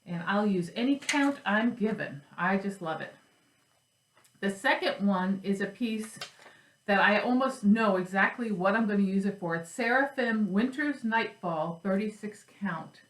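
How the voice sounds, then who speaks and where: A woman's voice: medium pitch, lively intonation, a little slow, roomy sound, low-quality recording. A woman chatting casually at home about her cross stitch and craft supplies, rambling and joking at herself. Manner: chatty, rambling, self-deprecating. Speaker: flosstube host.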